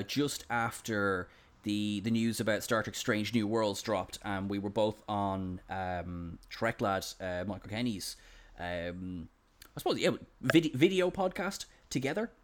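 A man with an Irish accent hosting a podcast, talking in an effusive, enthusiastic way. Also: on the low side. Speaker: podcast host. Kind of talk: casual podcast chat.

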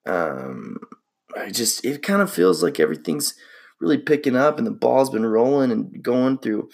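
A man's voice: medium pitch, sing-song, moderate pace, creaky, darkish tone. A young man hosting a casual solo podcast, laid-back and slangy, reflecting on his life. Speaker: podcast host.

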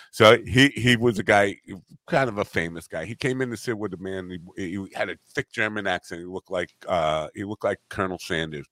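Podcast host, a man in his fifties with a low, bright voice, dry close sound, a rambling storyteller. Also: no echo. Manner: rambling, self-interrupting storyteller who laughs at his own stories. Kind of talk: casual chat, storytelling.

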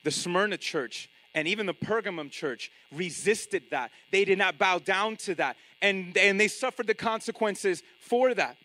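High-voiced, bright animated male preacher. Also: moderate pace, hardly any pauses, low-quality recording. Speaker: pastor. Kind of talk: sermon.

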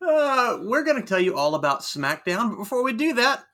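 Man, podcast host, animated, jokey asides, swooping intonation, bright tone. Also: sits high, brisk. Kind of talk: casual wrestling recap chat.

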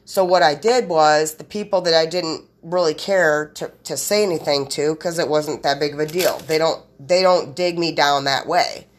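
A rambling woman host talks straight to her listeners on her own podcast, piling run-on sentences on top of each other. Her voice sits a little low, and she swears freely and bluntly. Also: moderate pace, few pauses. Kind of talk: rambling solo podcast monologue.

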